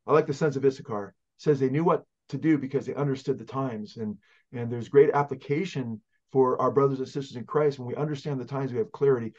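A pastor from California speaks as a guest, teaching in a fervent, halting way with many fillers. His mid-pitched voice comes through a muffled, lo-fi connection. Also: a little mellow. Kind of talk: conversational teaching on prophecy.

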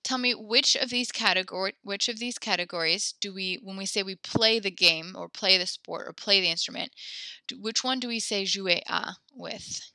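Teaching French, a woman issues rapid instructions in both English and French, stopping herself mid-sentence to correct things now and then. Her voice is medium-pitched, pushed and bright, with no echo.

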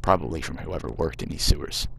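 A man putting on a gruff American accent to read out the narration of a horror game. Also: quick pace, a bit bright, a little hiss or hum, exaggerated voice. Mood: grim. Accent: put-on American. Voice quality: gruff, low and grim. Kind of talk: reading game text aloud.

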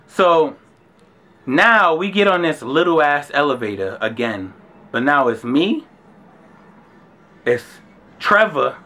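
A young man telling a travel story in a brash, animated storytime monologue, swearing freely and acting out the dialogue. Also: fairly high pitch. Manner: brash, profane, acts out dialogue with rising outbursts.

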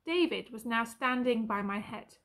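Teacher lady reading a story out loud, expressive, slightly high voice. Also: normal speed. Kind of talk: storybook read-aloud.

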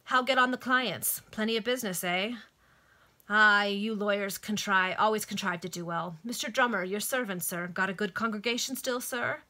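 A woman's voice: mid-range voice, moderate pace, sharp tone, close to an everyday voice. A woman voicing a sociable, patronizing middle-aged man who is a pub regular, talking in a hearty, familiar way.

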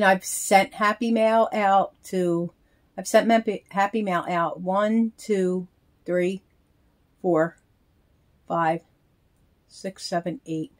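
A woman casually talking through opening a package in a chatty, halting way, counting things aloud. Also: medium pitch, a little mellow. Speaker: reborn doll vlogger. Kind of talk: casual unboxing vlog.

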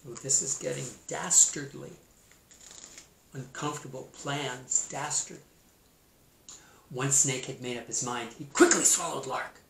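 A man reads a children's storybook aloud as a teacher, in a slow, unhurried way. He breaks in with playful comments on the story. His voice is recorded in an echoey room with faint sound behind it. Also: medium pitch, creaky, fairly bright tone, a little hiss or hum. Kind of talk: storybook read-aloud with asides. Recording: roomy echo.

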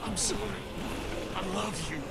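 An actor playing a desperate middle-aged survivor who pleads and yells in grief, in a video game. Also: male voice, high voice, normal speed, vocal fry, slight background noise, full character voice. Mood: frantic grief. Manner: frantic, pleading, yelling.

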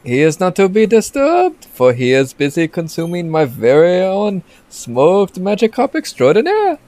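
A man's voice: high-pitched, wildly swooping pitch, measured pace, darkish tone, voice pushed up, full character voice. A man voicing a boastful male French chef in a mock French accent, reading game dialogue aloud. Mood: haughty.

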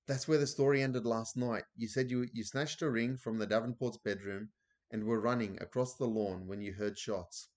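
A man's voice: medium pitch, steady tone, moderate pace, darkish tone, lightly acted. A man reading aloud as a young boy who eagerly questions his grandmother.

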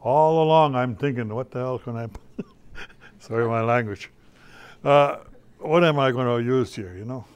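A man's voice: medium pitch, unhurried, long pauses, clean tone. An older man, an artist talking casually to schoolchildren in a folksy, storytelling way, often repeating his phrases. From Canada. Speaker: visiting artist.

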